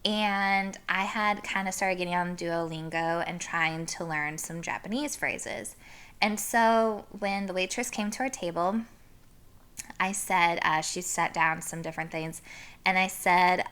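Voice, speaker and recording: A woman's voice: mid-range voice, a little slow, sharp tone, clean tone. A young woman vlogger telling a story in a casual, chatty way, full of fillers like "like" and "um". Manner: chatty, lots of fillers, laughs through story.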